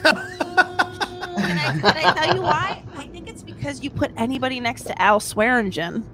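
A woman's voice: high voice, big pitch swings, a little slow, over loud music. A woman on a live-stream panel, giggling as she gives emphatic opinions about TV actors. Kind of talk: casual live-stream chat.

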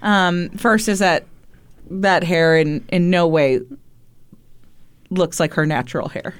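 A woman's voice: fairly low pitch, slow pace, clean tone. A woman co-hosting a podcast, chatting in a dry, skeptical way and questioning the story. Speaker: podcast co-host. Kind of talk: casual chat.

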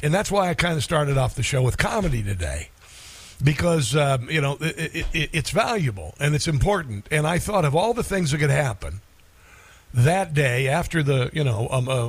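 Brief: middle-aged male talk radio host, slightly high voice, halting delivery, dry studio mic. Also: breathy edge, no echo. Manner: halting, many restarts and fillers. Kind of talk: personal story on talk radio.

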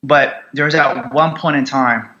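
A young man, a Marine veteran, telling his story bluntly in an interview, with heavy swearing and halting restarts. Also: mid-range voice, steady tone, bright, forceful tone, muffled recording.

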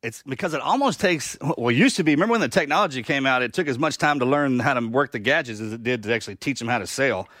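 A man's voice: medium pitch, animated, fast talker, hardly any pauses, fairly bright tone, dry recording, studio quality. A man hosting a podcast, a military veteran, telling stories in a loose, casual way. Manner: loose, swearing storyteller. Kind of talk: casual chat.

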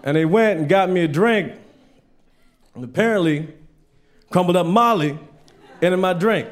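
Male stand-up comedian with a somewhat high voice, casual storytelling, swears freely. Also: moderate pace. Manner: loose storytelling, swears, acts out friends. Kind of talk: stand-up set. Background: audience laughter.

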